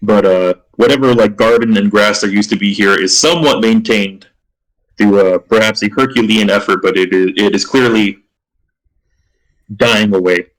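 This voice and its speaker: Male game master, lowish voice, halting improvised narration. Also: rough recording. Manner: halting, many restarts and fillers.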